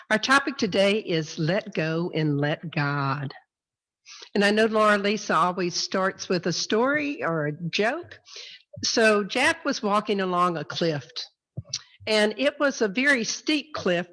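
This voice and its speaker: A woman leading a church service welcomes people and tells a story at a middle pitch. She speaks in a friendly storytelling manner. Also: a bit bright. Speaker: service leader. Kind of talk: church welcome and joke telling. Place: church sanctuary.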